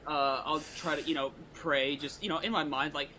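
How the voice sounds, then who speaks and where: A man's voice: on the high side, fairly even intonation, moderate pace, few pauses, sharp tone, a little hiss or hum, low-quality recording. A man playing in a tabletop game, hesitant and stammering, swearing freely. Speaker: player. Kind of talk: casual tabletop play.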